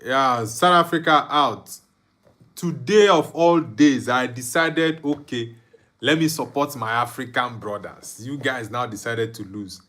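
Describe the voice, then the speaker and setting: A man's voice: medium pitch, unhurried, a bit bright. A young Nigerian man hosting a live football watchalong, reading viewer comments aloud and bantering with frequent laughs. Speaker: livestream host.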